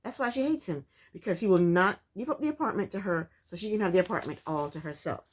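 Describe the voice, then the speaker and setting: A woman's voice: medium pitch, lively intonation, quick pace. A woman recapping a reality TV show in casual commentary, sassy and exasperated, firing off rhetorical questions.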